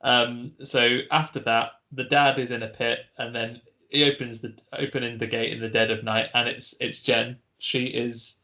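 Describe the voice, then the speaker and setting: A man's voice: medium pitch, little pitch movement, moderate pace, few pauses, pushed and bright. A man casually retelling a film plot as a podcast co-host, rambling with restarts.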